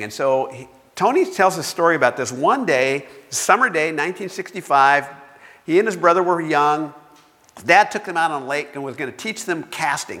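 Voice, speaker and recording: A man's voice: a little high, pushed and bright. A man preaching a sermon, telling stories with self-mocking humor. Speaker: pastor. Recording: long reverb of a large hall.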